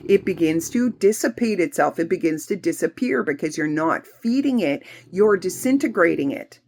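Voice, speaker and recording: A woman's voice: lowish voice, expressive, normal speed, darkish tone. A woman teaching spiritual healing in a blunt, emphatic, repetitive way, with occasional swearing. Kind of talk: spiritual self-help talk.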